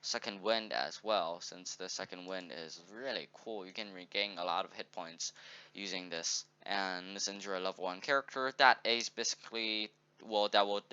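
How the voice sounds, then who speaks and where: A man with a lowish voice talks through a game walkthrough in a meandering, upbeat way, often correcting himself. His tone is bright and forceful, with a crisp, smooth clarity. The recording sounds dull and lo-fi. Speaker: game tutorial presenter. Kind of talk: casual walkthrough, thinking aloud.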